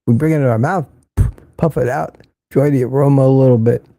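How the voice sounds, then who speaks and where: A man's voice: medium pitch, steady tone, brisk, vocal fry, warm tone, no room sound. An older man hosting a casual livestream, reading viewer comments and giving blunt, opinionated remarks that he often repeats for emphasis. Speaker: livestream host.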